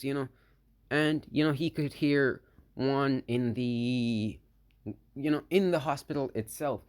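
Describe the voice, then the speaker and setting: A man narrates a made-up fan story at an unhurried, slow pace, his voice sitting in a middle pitch. He stumbles and restarts often, padding his sentences with filler words as he goes. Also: a little mellow. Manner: halting, full of "you know" fillers; slow, hesitant delivery.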